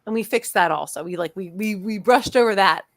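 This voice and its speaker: Lively woman chatting about horror films. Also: mid-range voice, a little fast, dry recording, clean studio sound. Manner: animated, laughing, acts out quotes. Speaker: podcast co-host. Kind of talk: casual chat.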